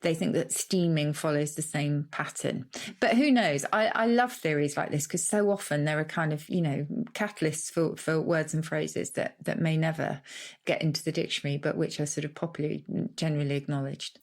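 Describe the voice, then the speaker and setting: Low-voiced woman explaining words. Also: fairly quick. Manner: enthusiastic, explanatory, reads listener letters. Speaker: podcast co-host, word expert. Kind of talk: casual chat.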